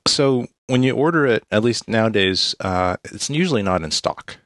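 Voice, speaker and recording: A man with a very low voice explains gadgets in an easygoing, matter-of-fact way while co-hosting a casual tech chat. He is recorded close and dry, with no room echo. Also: lively intonation, moderate pace, fairly bright tone. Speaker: tech reviewer co-host.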